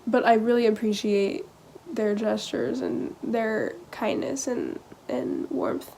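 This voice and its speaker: A teenage girl vlogging, telling a personal story in a halting, casual way full of "like" and "um.". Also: fairly high pitch, fairly even intonation, creaky, dark tone, slight background noise. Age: teens. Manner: hesitant, halting, heavy use of "like" and "um".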